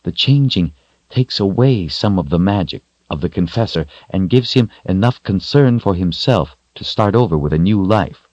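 Man doing stern young woman confessor, raised pitch, firm. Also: expressive, moderate pace, a little mellow, dry recording, highs cut off. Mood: explaining. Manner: stern, admonishing.

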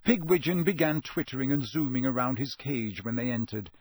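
A man narrating a storybook audiobook in an expressive, scripted way. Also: medium pitch, a little fast, slightly rough, dry recording. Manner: expressive, acts out every character.

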